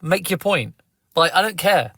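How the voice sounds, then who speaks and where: A man's voice: high-pitched, expressive, unhurried, sharp tone, slightly rough, no room sound, studio quality. Blunt English man hosting a phone-in. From England. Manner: blunt, confrontational with callers. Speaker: live stream host taking callers. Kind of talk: casual live-stream chat.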